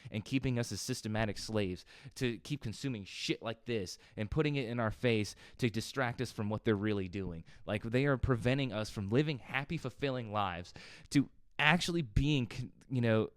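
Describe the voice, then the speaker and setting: Agitated man ranting in a smooth voice. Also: medium pitch, normal speed, dry recording, clean studio sound. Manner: profane, agitated, rambling. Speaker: reaction video host. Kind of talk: heated ranting commentary.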